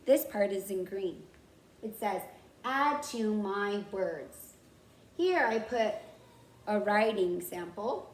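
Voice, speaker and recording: A woman's voice: mid-range voice, expressive, slow pace, echoey room. A woman kindergarten teacher giving a recorded lesson to young children, speaking in simple, encouraging teacher talk.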